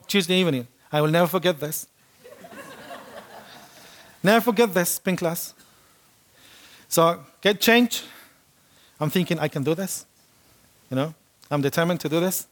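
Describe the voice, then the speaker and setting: A man delivers a sermon, telling a personal story in an animated way and acting out the voices of the people in it. His voice sits a little on the high side for a man. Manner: animated storytelling, acts out quotes. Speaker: preacher.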